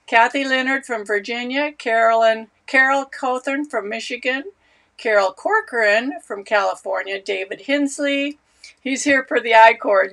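Woman host, slightly high voice, chatty, greets viewers, casual live stream. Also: creaky. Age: older. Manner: warm, chatty, reads out viewer names. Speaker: knitting teacher hosting a live stream.

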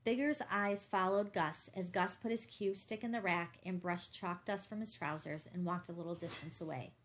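A woman narrating a novel as an audiobook, measured and intense. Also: lowish voice, slight background noise.

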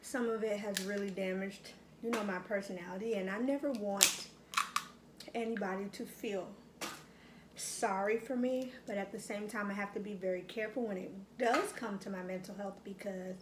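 This middle-aged woman eats at home while chatting casually for her mukbang vlog, reflective and reminiscing, with many fillers. She speaks at a normal speed in a mid-range voice with fairly even intonation, against a noisy background in an echoey room with faint ambience.

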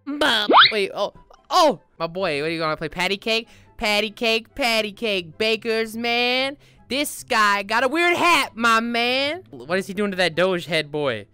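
A man doing goofy, excited commentary while playing a VR game, with loud outbursts. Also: high voice, measured pace, vocal fry. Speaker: gaming YouTuber.

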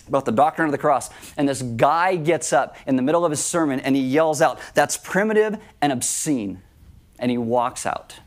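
A man preaching a sermon as pastor, emphatic, and he acts out the voices of people he quotes. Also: mid-range voice. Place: church.

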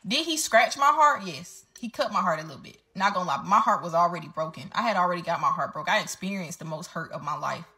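Young woman, bright voice, blunt and heated, profane venting storytime. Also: lowish voice, expressive, fast, hardly any pauses.

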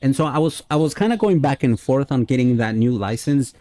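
A man's voice: mid-range voice, lively intonation, brisk, warm tone, dry recording. A man giving friendly, casual let's-play commentary on a simulation game, chatting with his viewers and dropping many "uh" fillers. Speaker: gaming YouTuber.

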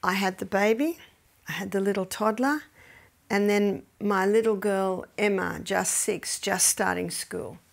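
A woman's voice: mid-range voice, unhurried, gravelly. A middle-aged woman gives a faith-based health lecture, telling stories with animation and often dropping to near-whispers.

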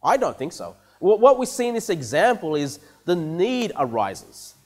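A man's voice: sits high, sing-song, normal speed. A man preaching a conversational sermon as pastor of a church, often repeating words and checking in with the congregation with "okay?" and "you know".

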